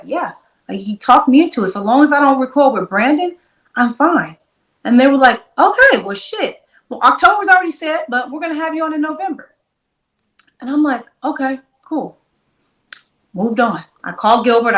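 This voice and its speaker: A woman recounts events as an interview guest, acting out each side of the dialogue with animation. Her voice sits a little high. The sound is roomy and a bit distant from the mic. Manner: animated, acts out quoted dialogue. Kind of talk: candid interview storytelling.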